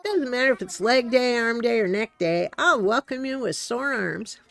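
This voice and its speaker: A woman's voice: fairly high pitch, moderate pace, gravelly, soft background music. A woman reading aloud the lines of a pumped-up male jock animal villager from a cozy life-sim game. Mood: excited. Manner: hearty, sporty, says "yo, dude".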